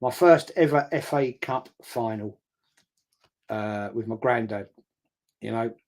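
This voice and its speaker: A man in his sixties, rambling through a casual live-stream chat and reading out viewer comments, often repeating himself and pausing with ums. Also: medium pitch, darkish tone.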